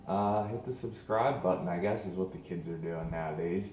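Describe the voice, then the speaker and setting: A man's voice: on the low side, normal speed. A young man vlogging, telling a rambling story in a casual way and acting out what his friends said. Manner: animated, rambling, acts out quoted friends. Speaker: vlogger starting a channel. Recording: echoey room.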